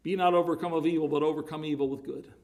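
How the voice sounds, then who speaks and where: A man's voice: a little high, fairly even intonation, racing, a little mellow. A man preaching a sermon, emphatic, his voice rising and falling in volume, often repeating words.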